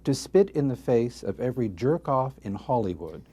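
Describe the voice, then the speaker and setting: A man interviewing a guest, asking long deliberate, pointed questions. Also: mid-range voice, big pitch swings, mellow, husky.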